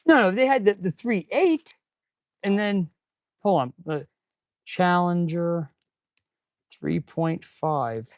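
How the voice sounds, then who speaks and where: An auto mechanic and channel host chats casually with viewers on a live stream while working in his repair shop, laid-back and saying "dude" and "man." His high-pitched voice is animated but slow, with frequent pauses, in a clean, dry studio recording.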